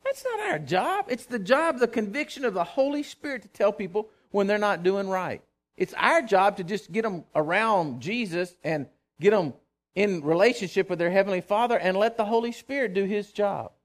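High-voiced animated preacher man. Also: moderate pace. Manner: animated, folksy preaching with rising emphasis. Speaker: pastor. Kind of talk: sermon.

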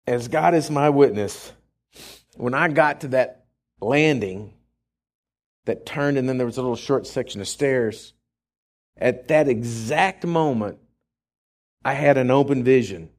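A man's voice: mid-range voice, unhurried, pauses often, darkish tone. A man preaching in church, telling a story dramatically and laughing as he goes. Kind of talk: storytelling sermon.

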